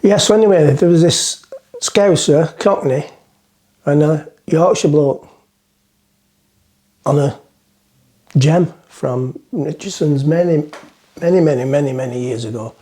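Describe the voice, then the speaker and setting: This middle-aged vlogger chats casually from the front of a boat, wandering his way through a joke and poking fun at himself. He speaks a little slowly in a mellow, slightly high voice.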